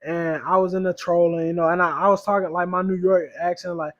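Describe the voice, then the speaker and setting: Young man, very high voice, loose slangy podcast storyteller who laughs easily. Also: little pitch movement, fast, lo-fi sound. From Louisiana or Texas, US South. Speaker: podcast co-host. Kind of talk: casual podcast chat.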